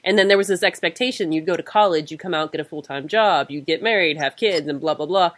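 A woman in her mid-thirties hosting a casual interview podcast. She talks haltingly and fills gaps with "you know". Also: deep voice, no room sound. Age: 30s. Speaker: podcast host.

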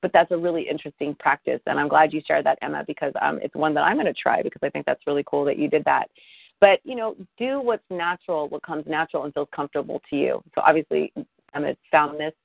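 A woman leading a Reiki teleclass, gently encouraging and repeating her points. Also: low voice, fast, vocal fry, no echo. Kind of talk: teaching on a phone call. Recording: tinny phone line, dry.

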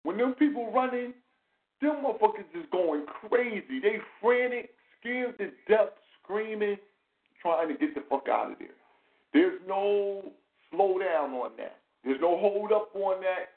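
A man talks. His voice sits a bit high for a man and comes through a tinny, phone-like line. He sounds like he is in an echoey room, and he talks animated and profane, firing off rhetorical questions. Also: a little slow. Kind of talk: casual commentary chat.

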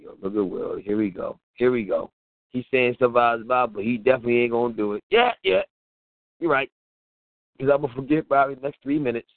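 Brief: lively male radio host with a slightly high voice, chatty preaching, tinny and dry. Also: no echo. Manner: animated, laughing, preachy and colloquial. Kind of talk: casual preaching talk. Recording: tinny phone-like line, dry.

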